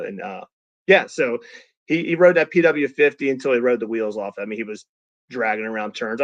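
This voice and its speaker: Animated middle-aged dad telling stories. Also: male voice, mid-range voice, no room sound, dull audio. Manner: animated storyteller who acts out quotes, many restarts. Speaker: podcast guest, father of a young racer. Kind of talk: casual storytelling chat.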